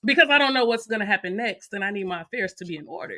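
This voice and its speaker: A woman co-hosting a morning show in casual chat, animated and laughing often as she talks. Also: mid-range voice, racing.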